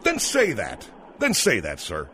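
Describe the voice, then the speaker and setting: A man's voice: lowish voice, huge pitch swings, unhurried, pushed and bright, a little hiss or hum. A man hosting a comedic radio talk show, questioning callers with incredulous exasperation.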